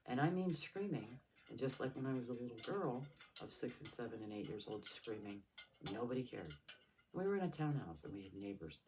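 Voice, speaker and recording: A tearful middle-aged woman vlogging a raw emotional monologue to her father, swinging between loud anger and hushed whispers. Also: extremely low pitch, sing-song, a little fast, slight background noise. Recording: voice a bit far from the mic.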